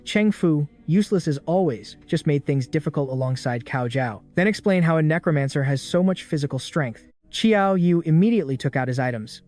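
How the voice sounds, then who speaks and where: A man narrating a story recap in a brisk, dramatic scripted style. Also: a little high, lively intonation, darkish tone. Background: faint background music.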